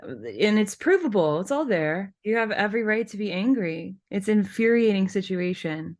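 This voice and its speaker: A woman's voice: mid-range voice, sing-song, normal speed, darkish tone. Firm, supportive woman podcast co-host. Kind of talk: casual podcast talk.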